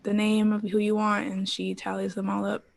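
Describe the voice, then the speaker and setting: Animated woman telling a story. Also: mid-range voice, normal speed, creaky. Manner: animated storyteller, quoting herself, frequent "like" and laughs. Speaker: interview guest, former pro cheerleader. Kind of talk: casual interview storytelling.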